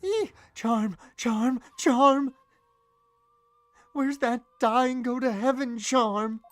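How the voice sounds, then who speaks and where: A man voicing an excitable young woman character in a video game, speaking urgently and scolding. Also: very high-pitched, unhurried, gravelly, dry recording, pitched above the performer's own voice, heavily acted. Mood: frantic.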